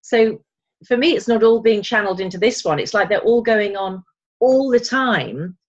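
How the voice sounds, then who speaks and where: A woman's voice: medium pitch, animated, normal speed. A woman co-hosting a spiritual chat podcast, talking in a chatty, reflective way. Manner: chatty, reflective, with folksy asides. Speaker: podcast co-host. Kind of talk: casual chat. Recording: slightly dull lo-fi audio.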